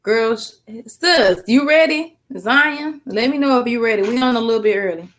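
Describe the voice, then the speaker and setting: A woman's voice: fairly high pitch, normal speed, fairly bright tone. A tired woman chatting casually with viewers on a live stream, eating snacks as she talks and calling them girl and sis. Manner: eating snacks while talking. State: tired after work.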